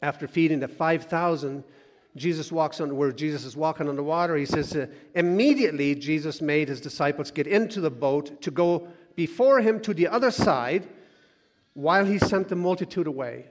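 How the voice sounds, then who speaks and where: A man preaching a conversational sermon, repeating words and dropping quiet when he quotes scripture. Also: on the high side, normal speed, long reverb tail. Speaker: pastor.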